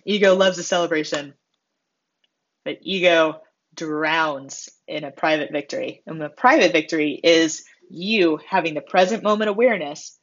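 A woman delivering a motivational monologue, expressive and self-mocking, acting out the voices she quotes. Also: deep voice. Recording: slightly dull lo-fi sound.

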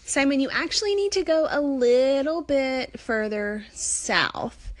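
A woman with a Southern American accent chats on a phone call-in, friendly and rambling with lots of fillers. Her voice sits fairly high and sounds dry and close. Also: animated, slow, no echo. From Alabama, US. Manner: chatty, friendly, full of fillers. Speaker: new podcast app user on call-in. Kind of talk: casual call-in chat.

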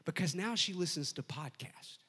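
A man preaching at a youth camp, moving between fiery shouted calls to the crowd and relaxed, joking stories. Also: on the high side, normal speed, slightly rough. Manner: relaxed storytelling with jokes. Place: youth camp meeting room.

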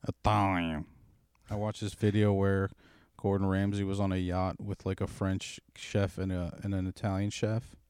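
Low-voiced man trading profane jabs. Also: level tone, moderate pace, darkish tone, clean tone, no room sound, clean studio sound. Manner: profane, teasing, argumentative. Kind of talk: casual chat.

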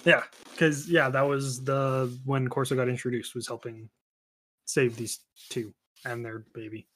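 A man chatting casually at a tabletop roleplaying game, joking and teasing his friends between turns. His voice sits at an everyday middle pitch. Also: flat delivery, unhurried, fairly bright tone, breathy edge. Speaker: player.

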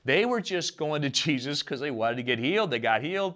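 Animated, bright-voiced male preacher. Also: medium pitch, a little fast. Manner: conversational, animated storytelling with quoted voices. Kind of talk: sermon.

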